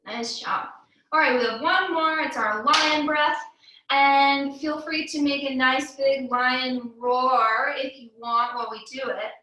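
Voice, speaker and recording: A young woman leads a kids' yoga class in a high, bright voice, cheerful and encouraging. She takes her time over each cue. The sound bounces around a very echoey room, and she stands some way back from the mic. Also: fairly even intonation, slow, far from the mic. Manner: upbeat and encouraging, with sung cues and playful animal sounds. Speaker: kids yoga teacher. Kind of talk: guiding a children's yoga class.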